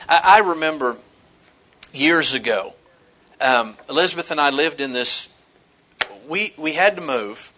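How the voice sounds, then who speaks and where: A middle-aged man preaching a sermon as pastor, animated and folksy, mixing scripture with humorous personal stories. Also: on the high side.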